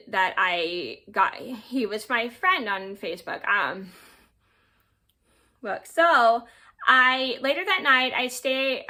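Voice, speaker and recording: A woman's voice: fairly high pitch, bright, forceful tone. A woman in her twenties, a vlogger, casually telling a personal story to camera, rambling and quoting what people said. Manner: rambling retelling with quoted dialogue and yada yada.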